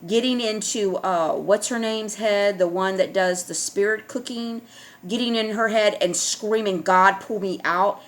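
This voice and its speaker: A woman's voice: mid-range voice, unhurried. A woman vlogger speaking in an emphatic, repetitive monologue to her viewers, often checking in with "all right?".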